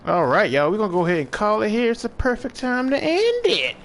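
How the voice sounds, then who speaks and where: A man's voice: high-pitched, very animated, a little fast, fairly bright tone, a little hiss or hum. A young man chatting casually as he streams a game, laid-back and thinking aloud while he plays. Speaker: gaming streamer. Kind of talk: casual live gameplay commentary.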